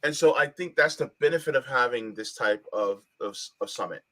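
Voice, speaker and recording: Bright-voiced male livestream host. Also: medium pitch. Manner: measured, reflective, many fillers. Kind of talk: livestream panel talk.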